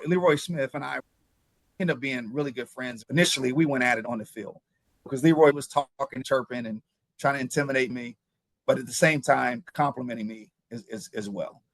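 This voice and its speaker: A man in his fifties from Ohio, a former pro football player recounting his journey as an interview guest, with animated telling and frequent repeated words. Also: mid-range voice, a little fast, dry recording. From Ohio, USA. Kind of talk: interview storytelling.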